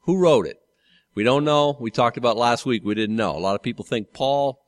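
A man preaching a relaxed sermon to his congregation, speaking at an ordinary pitch. He talks conversationally, stops to correct himself and throws questions out to the listeners. The sound is dry and close. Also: fairly quick, dry recording. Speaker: pastor. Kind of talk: sermon, Bible teaching.

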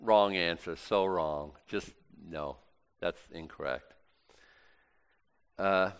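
Male preacher, lower voice, emphatic, casual delivery with restarts. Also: animated, a little slow, a bit bright. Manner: emphatic, conversational, with frequent restarts. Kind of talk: sermon with scripture reading.

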